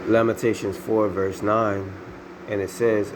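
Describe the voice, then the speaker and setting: A man's voice: sits low, steady tone, unhurried, background noise. A man reading scripture aloud and preaching on it, filling his talk with repeated "man, all right?" tags. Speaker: bible teacher.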